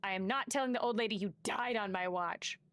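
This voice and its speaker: A woman's voice: mid-range voice, brisk, fairly bright tone. A woman streaming gameplay live, reading game text aloud and swearing as she talks to chat.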